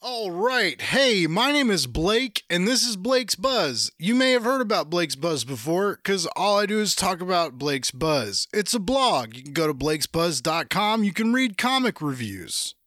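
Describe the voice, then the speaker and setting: A man's voice: sits high, big pitch swings, measured pace, hardly any pauses, pushed and bright, dry recording, clean studio sound. A young man hosting his own podcast, telling rambling, profane, jokey stories in casual chat. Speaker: podcast host.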